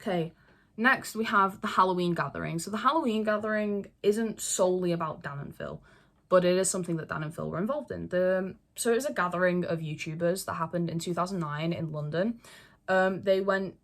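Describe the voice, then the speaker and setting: A woman's voice: fairly low pitch, brisk. A young woman chatting to camera in a casual, rambling way, full of fillers and swearing. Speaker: fandom video creator. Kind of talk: casual chat, talking to camera.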